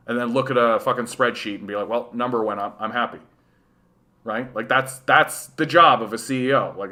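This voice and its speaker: Young male livestream host from Canada, bright, sarcastic, swears a lot, trips over repeated words. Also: mid-range voice. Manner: profane, sarcastic, repeats words when heated. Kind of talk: ranting livestream commentary.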